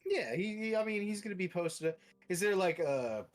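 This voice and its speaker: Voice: medium pitch, expressive, normal speed. A player in a tabletop game who talks casually and jokes. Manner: casual, joking.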